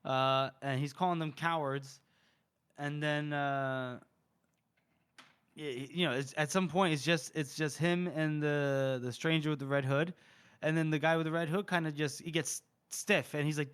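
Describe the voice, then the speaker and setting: Smooth-voiced man recapping a story. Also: a little high, fairly even intonation, fairly bright tone. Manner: rambling retelling with quick voiced quotes and laughs. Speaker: podcast co-host. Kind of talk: casual book recap.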